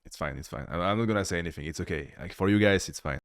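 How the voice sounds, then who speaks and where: A man's voice: deep voice, very fast, noisy background. A man giving blunt, critical reaction commentary in a casual way, swearing freely. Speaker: video reviewer.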